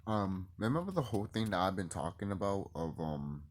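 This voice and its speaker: A man rambling excitedly and cursing freely in a casual vlog monologue to his viewers. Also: sits low, fairly quick, slight background noise. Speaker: YouTuber.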